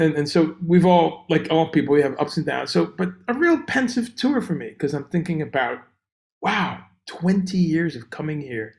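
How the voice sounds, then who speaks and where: Man, livestream host, gravelly voice, slightly high pitch, rambling casual chat, echoey room. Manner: rambling, animated, greets viewers by name. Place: room on tour abroad.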